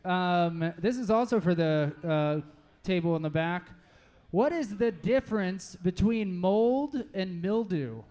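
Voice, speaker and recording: High-pitched guy hosting a live pod on stage, jokey and laughing, crowd in the room. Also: animated. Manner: joking, quick questions, laughs a lot. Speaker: podcast host. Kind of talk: live podcast Q&A with guests. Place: live music venue stage. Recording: live show with loud crowd.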